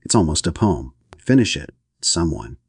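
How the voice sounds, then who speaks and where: A man's voice: very deep voice, very animated, moderate pace, vocal fry, darkish tone, slightly rough, no echo, studio quality, heavily acted. A man reading an audiobook, voicing an arch, witty woman. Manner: arch and chanting.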